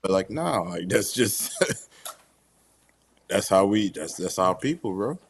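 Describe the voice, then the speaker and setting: A man's voice: sits low, expressive, slow pace, slightly rough. A man talking as a wrestler guest in a casual interview, laid-back and slangy, calling the host "bro".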